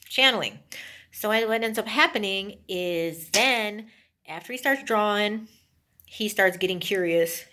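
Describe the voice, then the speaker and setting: A woman's voice: fairly low pitch, a bit bright. A woman casually retelling a movie's plot, rambling with emphatic asides to her listeners. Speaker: movie reviewer.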